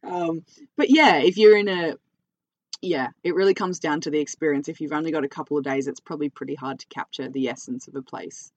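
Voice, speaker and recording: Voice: medium pitch, steady tone, fairly quick, dry recording, highs cut off. An Australian podcast host chatting casually, laughing often and telling stories with energy. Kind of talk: casual chat.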